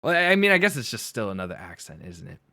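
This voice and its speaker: Talking about accents on his livestream, a man chats with viewers in a laughing, self-deprecating way. His lowish voice swings hugely in pitch and comes out fast, pushed and bright. The studio-quality sound has no room noise.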